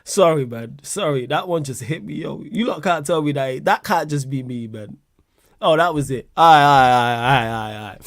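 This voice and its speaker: A man's voice: fairly high pitch, lively intonation, normal speed, creaky, no echo, studio quality. A man hosting a casual livestream chat, laughing a lot, swearing and using slang while answering viewer questions.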